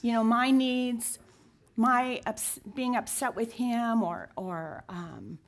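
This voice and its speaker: A woman in her sixties shares her life story in an interview, speaking heartfelt and sincere words that occasionally fall almost to a whisper. She speaks slowly, in a voice on the high side.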